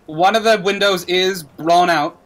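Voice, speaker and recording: A man with a high, fairly bright voice speaks a little slowly over faint background music. As game master of a tabletop game, he describes scenes in a loose, rambling way.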